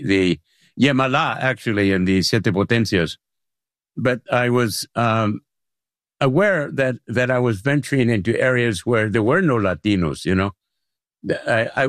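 An older man, a playwright, giving reflective, measured interview answers with halting restarts. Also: medium pitch, no room sound, studio quality.

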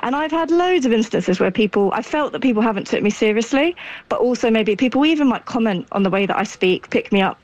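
Woman with a softened Essex accent. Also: fairly high pitch, expressive, fast talker, dry recording, lo-fi sound. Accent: softened Essex English. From Essex, England. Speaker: accent researcher guest. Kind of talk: radio interview.

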